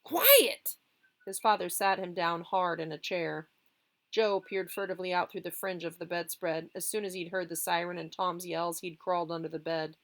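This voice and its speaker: Expressive woman reading a storybook aloud. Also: fairly low pitch, normal speed. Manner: lively, expressive. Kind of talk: reading a children's novel aloud.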